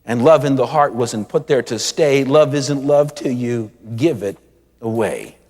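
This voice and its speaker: A man preaching a sermon with animated delivery, acting out quoted voices and drawing out key words. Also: mid-range voice, measured pace, in a large hall.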